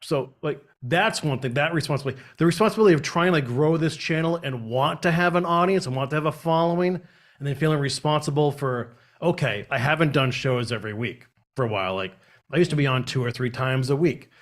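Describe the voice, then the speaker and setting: A man's voice: a little high, a little fast. A man hosting a live stream, chatting casually and rambling with lots of fillers. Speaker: host of a live channel.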